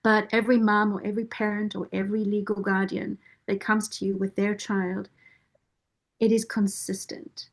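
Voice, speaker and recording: A woman's voice: medium pitch, flat delivery, gravelly. Earnest woman giving a heartfelt testimonial. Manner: earnest, measured, with deliberate pauses. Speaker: nonprofit board member and parent caregiver.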